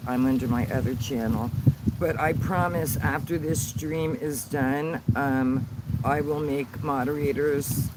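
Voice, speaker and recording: A man hosting a casual livestream outdoors on his phone, rambling and halting as he fumbles with the settings. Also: medium pitch. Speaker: channel host on sobriety. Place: outdoors in a sunny yard. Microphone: phone held by the speaker. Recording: outdoor phone stream with road noise.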